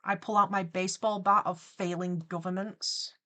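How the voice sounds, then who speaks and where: A woman's voice: medium pitch, level tone, moderate pace, bright, forceful tone. A young woman, chatting casually on a livestream as she animates, playfully spinning theatrical mock-villain tangents. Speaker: streamer and animator.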